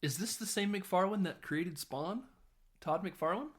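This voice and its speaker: Man, podcast host, casual film recap, swears freely, laughs often. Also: high voice. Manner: animated retelling with quick voiced quotes.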